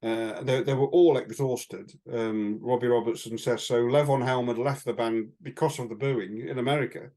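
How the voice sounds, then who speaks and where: A man's voice: medium pitch, fairly even intonation, normal speed, hardly any pauses, mellow. Chatty man telling stories. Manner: chatty anecdotal storytelling with frequent fillers and chuckles. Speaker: podcast co-host. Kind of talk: casual chat.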